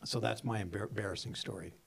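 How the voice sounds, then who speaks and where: A man's voice: fast, vocal fry, slightly rough. A man casually telling funny work stories on a podcast, acting out what people said. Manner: animated, acts out quotes with big pitch jumps and laughs. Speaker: podcast co-host, filmmaker. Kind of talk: casual storytelling chat.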